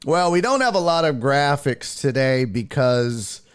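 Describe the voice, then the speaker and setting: A man hosting a casual sports live stream, reading viewer comments and ranting with profane, exasperated outbursts that break into yelling. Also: medium pitch, animated, unhurried, clean tone.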